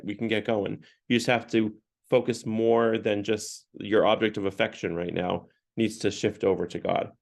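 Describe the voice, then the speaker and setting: A man's voice: on the low side, vocal fry, a little mellow. A man leading a parish Lent book talk, retelling scenes in a conversational way with frequent restarts. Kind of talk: casual retelling and teaching talk.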